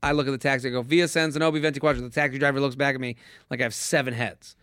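A man's voice: medium pitch, flat delivery, racing, pushed and bright, dry recording, studio quality. A young adult man hosting a casual comedy podcast, telling stories and acting out the voices of people he quotes. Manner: storytelling, acts out voices in quotes. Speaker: podcast host.

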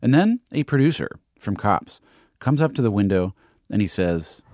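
Low-voiced man narrating, lively inflection. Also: moderate pace, dry recording, clean studio sound. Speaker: podcast host and reporter. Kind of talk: scripted narration.

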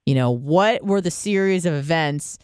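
A man's voice: on the high side, moderate pace, clean tone, dry recording, studio quality. A man in his thirties hosting a call-in show, chatting casually with lots of swearing and big swings in delivery. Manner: animated, swearing, laughs at his own stories. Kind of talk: casual profane call-in chat.

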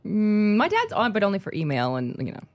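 A woman chatting casually as a guest, animated and quick to laugh. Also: mid-range voice. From United States, army family. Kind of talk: casual chat.

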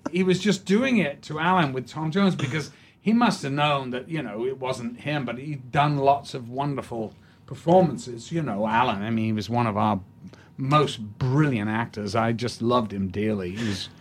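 A man's voice: mid-range voice, normal speed, slightly rough. An older man tells stories as an interview guest. His delivery is theatrical, with frequent restarts and trailing fillers. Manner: theatrical storytelling, hesitant restarts. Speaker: guest actor. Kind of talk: anecdotal interview talk.

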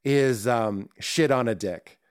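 A man talks as a comedian guest on a podcast, launching into animated riffs and comic bits. His voice sits at an average pitch and sounds dry and close to the mic. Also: takes it slowly, clear, resonant tone, dry recording. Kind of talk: casual podcast chat.

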